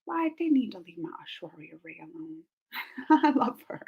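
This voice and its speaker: A woman's voice: medium pitch, sing-song, moderate pace, vocal fry, slightly rough, phone-quality sound. A woman hosting a casual live chat, talking in a chatty, rambling way and filling her sentences with "like.". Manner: chatty and rambling, says "like" a lot. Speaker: live-stream host reading chat.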